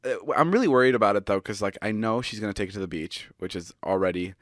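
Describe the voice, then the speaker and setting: A man's voice: on the low side, quick pace, no echo, clean studio sound. A man in his twenties co-hosting a podcast, telling rambling stories in casual chat and swearing freely. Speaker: podcast co-host.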